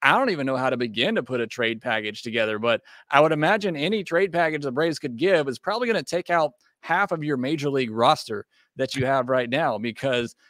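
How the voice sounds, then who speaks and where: A man's voice: mid-range voice, expressive, brisk, few pauses, fairly bright tone, no echo, clean studio sound. A man hosting a sports podcast, talking casually and hedging with fillers as he weighs options. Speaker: podcast host.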